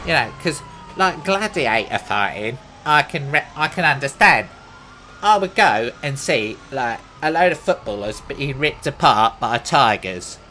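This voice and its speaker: A man's voice: mid-range voice, expressive, measured pace, pushed and bright, a little hiss or hum, poor audio. A man with a Cockney accent, rambling through a boastful, absurd comic monologue while playing a game. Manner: boastful, absurd, chatty tangents. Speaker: gaming comedy host. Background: music.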